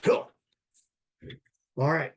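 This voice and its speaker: A man's voice: very slow, background noise. A man presenting his research on a video call, explaining at length with frequent fillers and restarts. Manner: hesitant, many restarts and fillers. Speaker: academic presenter. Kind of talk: online conference talk and Q&A.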